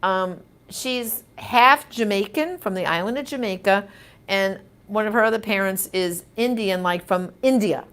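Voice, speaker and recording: A woman's voice: mid-range voice, a little slow, fairly bright tone, clean tone. Woman hosting a live q&a, reads comments, super emphatic and chatty, gets all worked up. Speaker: host answering viewer comments. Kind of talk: live question-and-answer chat.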